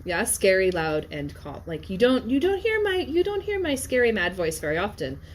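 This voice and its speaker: A woman teaches a class in an easygoing, talkative way. Her voice sits at a middle pitch, and she keeps checking that her students follow along. A faint hiss runs under the classroom recording. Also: huge pitch swings, moderate pace. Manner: conversational, keeps checking in with "yes?" and "okay?". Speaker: Latin teacher. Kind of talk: classroom lecture with discussion.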